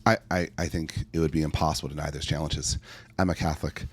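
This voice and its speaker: A man's voice: extremely low pitch, fairly even intonation, quick pace, husky. A middle-aged man talking earnestly as a podcast guest, telling stories with acted-out asides. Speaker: podcast guest, life coach. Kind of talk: conversational interview answer.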